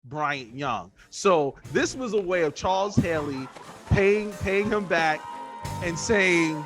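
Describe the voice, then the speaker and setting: A man's voice: sits high, lively intonation, takes it slowly, loud music behind the voice. A man hosting a podcast, telling a story and wrapping up the episode in an enthusiastic, chatty way. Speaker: podcast host.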